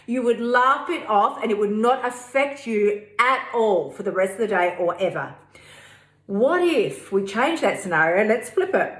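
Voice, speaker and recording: A woman's voice: medium pitch, fairly bright tone. A woman hosting her own podcast, chatty and frank, with slang and swearing. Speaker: podcast host. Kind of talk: energetic solo podcast talk. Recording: roomy echo.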